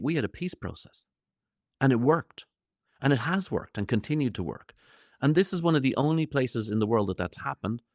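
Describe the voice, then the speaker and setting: Irish male comic, middle-aged, rapid patter, lowish voice, jokey tangents. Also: no echo, clean studio sound. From Ireland. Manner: jokey, rambling, playful asides; acts out quoted voices. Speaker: comedian guest. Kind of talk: animated interview chat.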